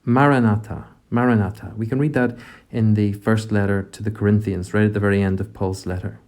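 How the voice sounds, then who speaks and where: A man leading a gentle, reflective prayer meditation, speaking directly to God. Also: fairly low pitch, fairly even intonation, fairly quick.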